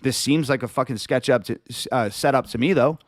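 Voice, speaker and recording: A man spins a tense story on his livestream, swearing freely as he goes. His voice sits in an ordinary middle pitch. The sound is dry and close, with no room echo. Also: brisk. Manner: profane, animated storyteller. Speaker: livestream host. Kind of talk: casual storytelling.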